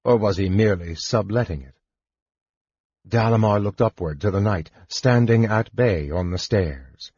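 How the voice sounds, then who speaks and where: A man narrating an audiobook in a measured, deliberate way. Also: lowish voice, a little mellow, husky, no echo. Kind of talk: scripted narration. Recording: dull lo-fi recording.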